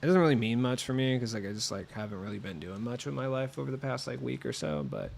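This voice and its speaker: A man streaming a basketball video game, chatting casually and excitably with viewers, cursing as he plays, with a voice a little lower than usual from being sick. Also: fast talker, creaky. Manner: swearing, excitable, talks to chat while playing. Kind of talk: casual gaming stream chat.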